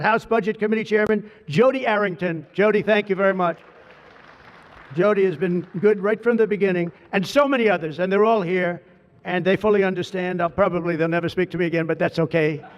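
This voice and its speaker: An American man giving an ad-libbed public speech at a ceremony, rambling and digressive, repeating lavish praise. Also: high voice. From United States. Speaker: politician addressing a crowd. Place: large outdoor ceremony at an official residence. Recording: dull reverberant public-address sound.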